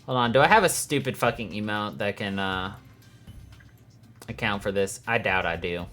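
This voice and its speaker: Male gaming streamer, bright voice, exasperated and foul-mouthed. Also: lowish voice, normal speed, soft background music. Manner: exasperated, swears a lot.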